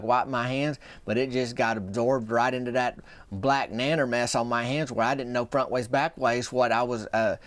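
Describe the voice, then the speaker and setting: A man's voice: medium pitch, no room sound. A young man with a Southern drawl spins a rambling, folksy yarn for his podcast. His voice sits in an ordinary middle range, recorded close with no room sound, and he wanders off on tangents before circling back. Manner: folksy, meandering, trails off and restarts. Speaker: podcast host. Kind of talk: rambling comic storytelling.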